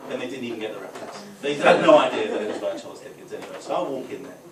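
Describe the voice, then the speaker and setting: A man's voice: fairly low pitch, lively intonation, rapid-fire, a loud crowd. A man performing a stand-up comedy set, telling a story and tagging his lines with "right?" before a live audience. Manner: storytelling with frequent "right?" tags. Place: football club function room with a live audience. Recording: echoey room from far off, noisy ambience.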